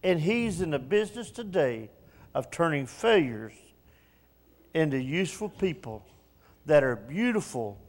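A man pastor preaching a sermon in a folksy, self-mocking way that swells to shouts. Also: fairly high pitch, very animated, unhurried, long pauses, in a large hall.

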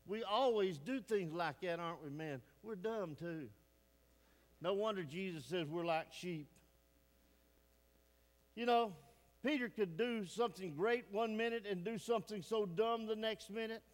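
A male pastor delivers a folksy, emphatic sermon, often turning to the congregation with questions. His voice sits high and he takes his time with every phrase. The sound carries a long reverb from the church sanctuary. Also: unhurried.

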